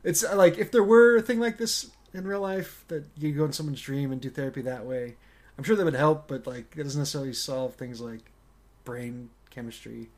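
A man's voice: medium pitch, brisk, a little mellow. A man co-hosting a casual movie-discussion podcast, talking in a loose, rambling way with frequent fillers and restarts. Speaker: podcast co-host.

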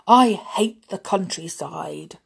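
A woman reading aloud, voicing a grumpy, complaining grown man who grumbles in gruff outbursts. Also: on the low side, lively intonation, slow, heavily acted.

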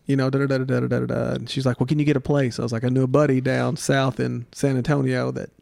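A middle-aged man as a podcast guest, telling stories in a casual, animated way and acting out the voices of people he quotes. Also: quick pace, creaky, no room sound. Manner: animated storyteller, acts out quotes with jumps in pitch. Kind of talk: casual storytelling interview.

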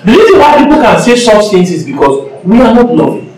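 High-pitched emphatic preacher in an echoey church. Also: male voice, big pitch swings, a little fast, a little mellow. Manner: emphatic preaching with acted-out quotes. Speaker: pastor. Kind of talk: sermon. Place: church sanctuary. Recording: echoey church from a distant mic.

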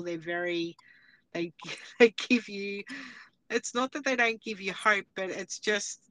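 An Australian woman in her forties hosts a casual podcast chat and laughs between her phrases. Her voice is bright and forward, recorded dry and close with no room sound. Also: lowish voice, dry recording. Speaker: podcast host.

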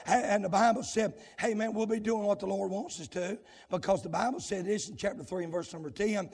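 Gravelly preacher shouting in a church. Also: male voice, fairly even intonation, big-room sound. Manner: swings between hollered, sing-song runs and low, rapid asides to the congregation. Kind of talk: shouting revival sermon.

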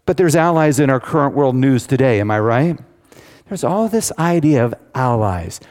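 A man's voice: mid-range voice, animated, normal speed, a little mellow. A man teaching a Bible study to a live audience, in a conversational way with asides to the listeners. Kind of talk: sermon-style Bible teaching. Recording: long hall reverb.

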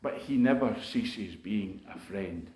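A man's voice: on the low side, slow, a little mellow. Earnest man preaching in an echoey room. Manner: conversational, earnest storytelling with many asides. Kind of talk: sermon testimony.

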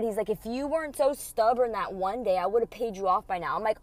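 A woman's voice: on the high side, a little fast, few pauses. A young woman angrily retelling a personal feud in a casual storytime rant, swearing freely and acting out the other people's lines. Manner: heated, profane, animated retelling with quoted dialogue.

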